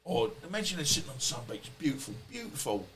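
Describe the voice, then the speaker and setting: A man's voice: fairly high pitch, sing-song, fast, a bit bright, a little hiss or hum, low-quality recording. Rambling man telling stories. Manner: rambling, swears freely, acts out quoted dialogue. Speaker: podcast guest. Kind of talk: casual storytelling interview.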